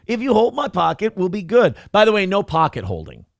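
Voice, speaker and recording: A man's voice: sits high, brisk, vocal fry, no room sound. A man hosting a casual livestream show, telling a story with a lot of swearing and acting out the other people in it. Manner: animated storytelling, swears, acts out voices. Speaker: show host.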